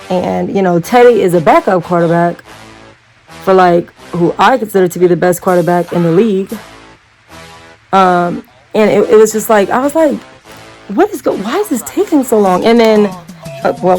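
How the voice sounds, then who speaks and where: A woman's voice: lowish voice, darkish tone, low-quality recording. Chatty woman doing a makeup tutorial. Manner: chatty, rambling, addresses viewers as y'all. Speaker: makeup vlogger. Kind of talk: casual makeup tutorial chat.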